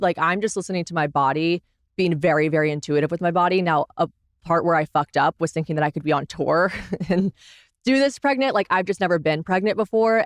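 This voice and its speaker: Fast-talking brazen young woman. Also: fairly low pitch, dry recording, clean studio sound. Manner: rapid, brazen, profane chatter. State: pregnant. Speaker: podcast host and comedian, guest. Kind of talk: casual interview chat.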